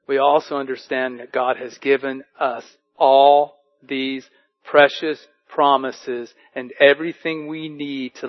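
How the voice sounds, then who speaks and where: A man preaching a sermon as pastor, reading scripture and telling animated stories. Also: mid-range voice, muffled recording.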